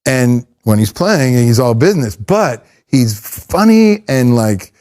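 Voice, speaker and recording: A middle-aged man, a professional drummer, telling casual anecdotes in an interview, rambling and animated with frequent restarts. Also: medium pitch, takes it slowly.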